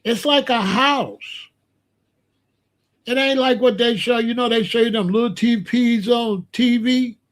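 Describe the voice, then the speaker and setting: A man hosting a podcast, telling a story in a casual, animated and slangy way. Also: very high voice, unhurried. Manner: animated, slangy, explains with gestures. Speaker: podcast host.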